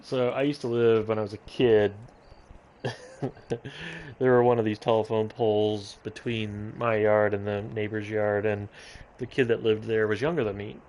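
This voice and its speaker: A man's voice: on the low side, little pitch movement, moderate pace, a little mellow. A man casually commentating a live gameplay stream, rambling and breaking off into tangents. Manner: rambling, self-interrupting, goes off on tangents.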